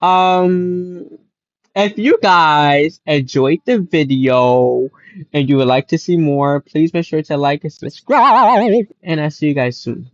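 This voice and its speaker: A young man casually reacting to an animated story, emotional and excitable, repeating himself when worked up. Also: fairly high pitch, measured pace, no room sound, highs cut off. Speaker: game and video reaction YouTuber.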